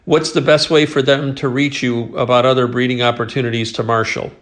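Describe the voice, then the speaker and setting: A relaxed man, hosting a casual interview. He encourages his guest and restarts his sentences now and then. His pitch sits in a typical middle range for a man. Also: fairly quick.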